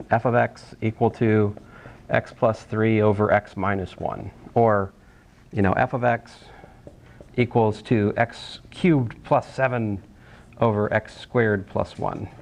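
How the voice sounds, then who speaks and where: A man's voice: fairly low pitch, gravelly. A man teaching a college algebra class in a casual, rambling way, restarting phrases and making jokey asides. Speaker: math instructor. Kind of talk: classroom lecture.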